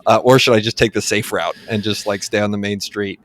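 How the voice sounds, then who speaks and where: A man's voice: fairly low pitch, fairly even intonation, brisk, fairly bright tone. A man in his forties from San Antonio, hosting a podcast in casual, rambling conversation full of fillers and restarts. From San Antonio, Texas. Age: 40s. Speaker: podcast host.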